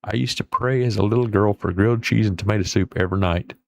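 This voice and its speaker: Gravelly yet a little mellow, this man's fairly low voice moves at a quick clip with no room sound. He runs a livestream, reacting to viewer comments in a casual, folksy ramble with some light profanity.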